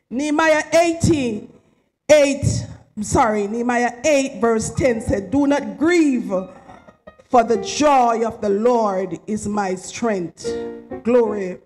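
A woman's voice: fairly high pitch, a little mellow, low-quality recording. A woman giving an emotional, rambling, heartfelt tribute at a memorial service, near tears at times. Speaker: eulogy speaker at a memorial service.

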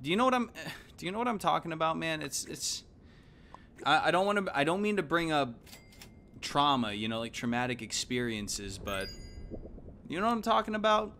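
A man's voice: a little high, normal speed, a little hiss or hum. A young man streaming a video game, chatting casually, rambling and swearing, mumbling one moment and yelping the next. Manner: rambling and profane, swings from mumbles to excited yelps. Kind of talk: casual gaming stream chat.

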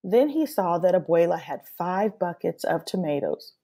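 A woman teacher reading a children's picture book aloud in a slow, expressive way. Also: on the low side. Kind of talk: storybook read-aloud for children.

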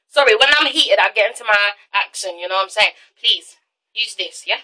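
A woman's voice: fairly high pitch, expressive, moderate pace, pushed and bright, rough recording. A teenage girl ranting into a phone held at arm's length, heated and exasperated, stumbling over restarts. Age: teens. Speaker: vlogger. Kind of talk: ranting vlog.

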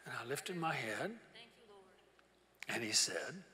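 Older pastor preaching in a big hall. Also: male voice, mid-range voice, big pitch swings, takes it slowly, pauses often. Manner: emotional storytelling, swinging from hushed to loud. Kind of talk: sermon. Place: large church auditorium. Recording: reverberant church hall with congregation.

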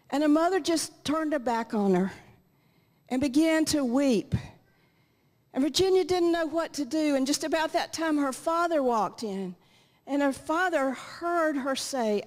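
A woman's voice: high-pitched, a little slow. An older woman giving an earnest personal testimony at a church meeting, speaking into a stage microphone. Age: 60s or 70s. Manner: earnest storytelling, acts out quotes. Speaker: guest speaker. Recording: reverberant church hall.

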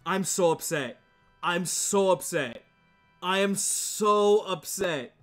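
A man streams a game live and talks over it at an unhurried pace. He swears often and repeats his exclamations again and again. Faint game music plays behind his voice. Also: sits high. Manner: profane, exclaiming, repeats himself.

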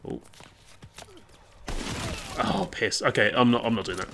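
A man's voice: fairly low pitch, a little slow, background noise. A young man chatting casually and rambling over gameplay, swearing and reacting aloud to the game. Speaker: gaming YouTuber.

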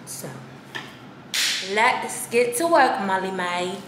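A woman's voice: medium pitch, animated, takes it slowly, a bit bright, reverberant, slight background noise. A woman vlogger talking casually in a put-on British accent at home, swearing freely and sounding playfully exasperated. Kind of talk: casual vlog monologue. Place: her apartment.

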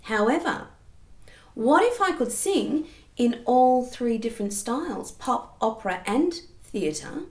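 A woman with a fairly high-pitched voice, heard with reverb, gives an online singing lesson. As a singing teacher, she explains technique and pauses to sing short demonstration phrases.

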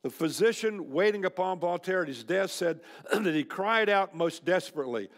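A man's voice: high-pitched, expressive, moderate pace, few pauses. An older man preaching a folksy, blunt, emphatic sermon to a men's luncheon. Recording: reverberant hall.

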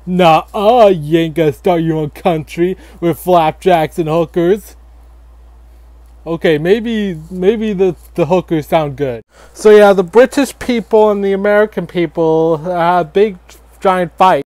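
Man doing a rambling, high-voiced grandpa fox. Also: a little mellow, dry recording. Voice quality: halting, filler-heavy, lots of likes and restarts. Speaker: storyteller grandfather. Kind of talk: casual satirical storytelling.

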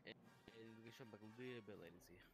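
A man's voice: lowish voice, quick pace, music in the background, rough recording. A young man chatting casually in an online voice chat, joking and laughing, stumbling over his restarts.

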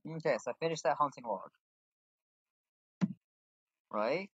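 A man's voice: fairly high pitch, a little slow, a bit bright, breathy edge, no room sound. A man casually commenting on his game as he plays, rambling and making fun of himself. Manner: rambling, self-mocking, thinks aloud while playing. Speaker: gaming channel host. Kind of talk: casual let's-play commentary. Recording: dull lo-fi dry mic.

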